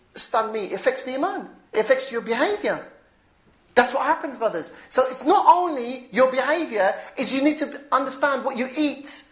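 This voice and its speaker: Animated woman preaching, roomy echo. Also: a little high. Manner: animated, chuckling asides, repeats phrases. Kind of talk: informal religious talk.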